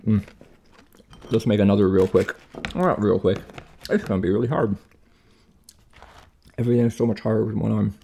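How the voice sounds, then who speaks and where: A young man tells a story in a casual, exasperated way, acting out what other people said. His voice sits low and has a gravelly edge. The tone is dark and mellow. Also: moderate pace, long pauses, a little hiss or hum. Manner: chatty, exasperated retelling with acted-out quotes. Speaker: vlogger recovering from surgery. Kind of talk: casual storytelling while cooking.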